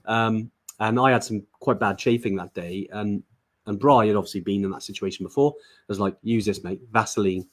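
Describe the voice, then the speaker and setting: A man's voice: fairly low pitch, brisk. A man hosting a casual live stream, chatty and full of fillers, reading viewer comments aloud. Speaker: live show host.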